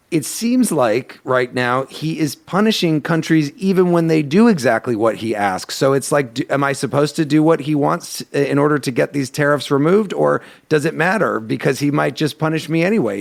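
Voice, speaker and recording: A man's voice: on the high side, creaky. A man hosting a podcast interview, asking conversational, pointed questions. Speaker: podcast host.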